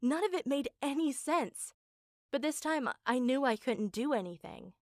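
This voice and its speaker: A woman tells a first-person story in an earnest, emotional voice that sits on the high side. The recording is close and dry, with no room sound. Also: lively intonation, moderate pace, no room sound. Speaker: narrator.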